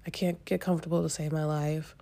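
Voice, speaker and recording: Near tears, a podcast host vents emotionally on her solo show in a low, gravelly, mellow voice with little pitch movement, congested from sinus trouble. Her speech is halting, profane and frustrated, full of restarts and trailing pauses.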